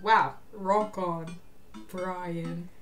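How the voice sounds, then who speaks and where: A woman's voice: a little high, expressive, a little fast, soft background music, voice pushed up, close to an everyday voice. A woman voicing a cheerful, friendly dad who gushes about hanging out. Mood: cheery.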